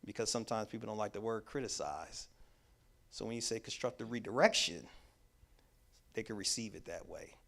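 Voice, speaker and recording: A man's voice: fairly low pitch, fairly quick, creaky, pauses often, a bit bright. A man presenting a workshop to a church audience, talking in an emphatic, repetitive preaching cadence with casual, conversational grammar. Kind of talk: teaching talk to a church audience.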